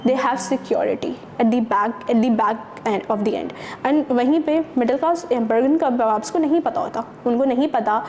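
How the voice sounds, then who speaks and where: A woman's voice: fairly high pitch, rapid-fire, a little mellow, slight background noise. A young woman from Pakistan, speaking earnestly and candidly as a university student in a documentary interview.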